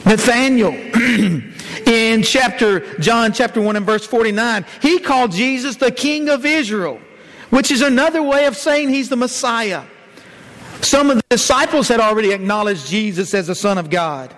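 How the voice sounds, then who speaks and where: A man's voice: extremely high pitch, normal speed, a bit bright, in a large hall, low-quality recording. A man preaching a sermon, citing scripture verses and putting rhetorical questions to the congregation.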